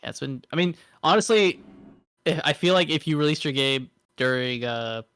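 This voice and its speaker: A man's voice: fairly high pitch, moderate pace, fairly bright tone, clean tone. A young man co-hosting a gaming podcast, hesitant and thoughtful, often restarting his sentences. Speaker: podcast co-host. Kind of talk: casual gaming chat.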